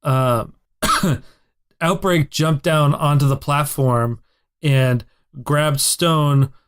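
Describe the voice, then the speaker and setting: A man acts as game master for a tabletop game, easygoing and quick to laugh. He speaks slowly, hesitating often. His voice sits slightly high for a man. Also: a bit bright, smooth.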